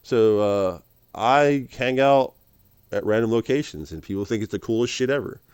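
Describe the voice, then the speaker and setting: A man's voice: mid-range voice, normal speed, a little mellow, smooth, dry recording. A man rambling casually to camera as a vlogger, laughing often and calling the listener dude and man.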